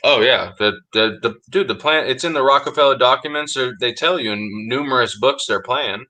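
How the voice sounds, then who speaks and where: Casting note: male podcast co-host, bright forceful tone, emphatic and insistent, casual slangy chat. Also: mid-range voice, moderate pace, low-quality recording. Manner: emphatic, insistent, says "dude" a lot.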